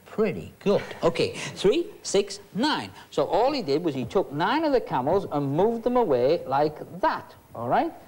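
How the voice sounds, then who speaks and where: A man's voice: high voice, huge pitch swings, a little slow, few pauses, darkish tone, slightly rough. A man performing magic with chatty, teasing patter for an audience. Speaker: stage magician.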